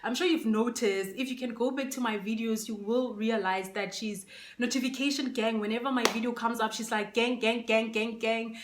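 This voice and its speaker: A woman talks casually into her phone, her voice a little high and often catching as she tries not to cry. She fills pauses with "um" and restarts her sentences. The room around her is roomy and echoey. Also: noisy background. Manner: emotional, fighting back tears, many fillers. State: close to tears. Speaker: vlogger. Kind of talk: casual unboxing chat. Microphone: phone camera.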